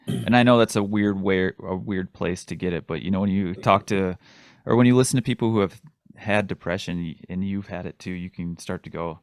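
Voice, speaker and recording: Deep gravelly man hosting a podcast. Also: fairly quick, no echo, studio quality. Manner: rambling, casual, thinking aloud. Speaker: podcast host. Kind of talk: casual chat.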